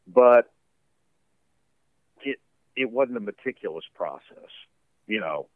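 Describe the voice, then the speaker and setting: A man's voice: on the low side, animated, slow, no echo, narrow, tinny audio. A man talking casually as a musician guest in an interview, rambling with lots of fillers and laughs. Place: home basement studio.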